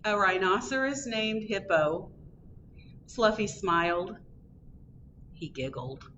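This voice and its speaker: A woman reads a picture book aloud at children's storytime, unhurried and expressive. Her pace is slow and deliberate, with gentle lifts of animation, and a faint hum of noise sits behind her. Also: medium pitch, lo-fi sound. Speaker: librarian reading at storytime.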